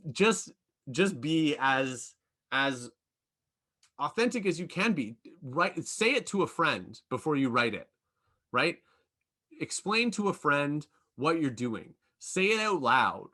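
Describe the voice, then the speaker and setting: A man's voice: medium pitch, bright, forceful tone. A man giving a casual workshop lecture, full of ums and likes and joking asides. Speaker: workshop presenter.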